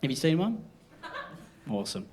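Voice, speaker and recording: Young Aussie stand-up, high and animated, rambling self-deprecating delivery, live room. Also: male voice, normal speed, heavy background noise. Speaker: stand-up comedian. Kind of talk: stand-up comedy set. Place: comedy venue with a live audience. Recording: live show, audience laughter behind.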